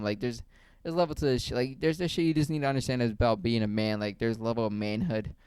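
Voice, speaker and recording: A man's voice: medium pitch, a little mellow, smooth, dry recording. A man delivering a heated, blunt opinion rant to camera, full of profanity. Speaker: video creator.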